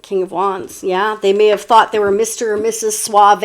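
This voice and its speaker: A woman's voice: medium pitch, flat delivery, measured pace, hardly any pauses. A woman giving a casual, chatty tarot reading to viewers, meandering with many fillers and restarts. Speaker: tarot reader.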